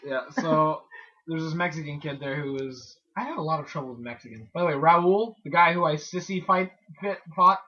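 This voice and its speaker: A man's voice: on the high side, normal speed, pushed and bright. Young man telling a rambling, swear-filled story. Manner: rambling storyteller, swears a lot, laughs often. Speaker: podcast co-host. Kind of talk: casual podcast chat. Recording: muffled lo-fi recording.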